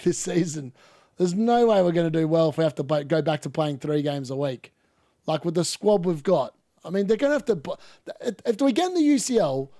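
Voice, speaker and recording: A man hosting a live football watchalong, commenting on play and ranting opinions, getting excitable and yelling at chances. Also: on the high side, no echo, clean studio sound. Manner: excitable, yells at chances on screen. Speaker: host of a fantasy football watchalong.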